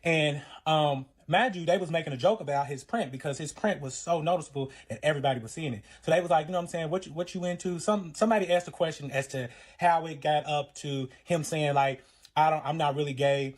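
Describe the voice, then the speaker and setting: Speaking fast in a fairly high voice, a man casually tells a personal story about a relationship. He rambles and swears, packs in fillers, and acts out other people's lines as he goes.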